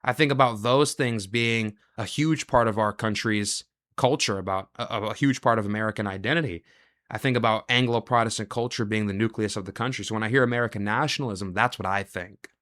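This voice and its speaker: A male show host delivering a reaction monologue, asking rapid rhetorical questions and running through long lists of ideas. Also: lowish voice, fairly bright tone.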